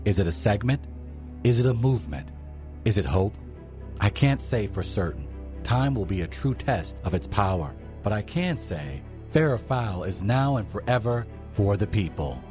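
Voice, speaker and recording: A man's voice: fairly low pitch, big pitch swings, a little slow. A man giving a mock-grand, speechlike intro for a segment, over music.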